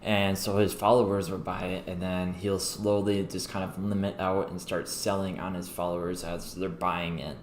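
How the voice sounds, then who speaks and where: A man's voice: low voice, flat delivery, moderate pace, hardly any pauses. A young man hosting a crypto trading livestream, chatting casually and rambling with many fillers and restarts. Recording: echoey room with faint background noise.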